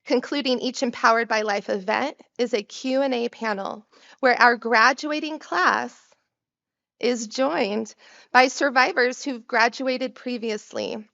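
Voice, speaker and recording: A woman's voice: on the high side, measured pace, creaky, a bit bright, muffled recording. A woman hosting an event, reading a scripted introduction in a formal, announcing way. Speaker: event host.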